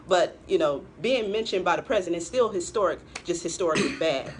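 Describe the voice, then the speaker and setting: A woman's voice: on the low side, lively intonation, a little fast, background noise. A woman co-hosting a political talk show, giving pointed commentary and laughing often. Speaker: co-host.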